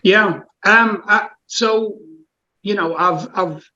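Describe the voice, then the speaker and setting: A man's voice: high-pitched, takes it slowly, bright, forceful tone, dull audio. A Scottish man guest, an author and coach, telling his story bluntly and casually, with some swearing. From Scotland. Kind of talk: relaxed interview storytelling.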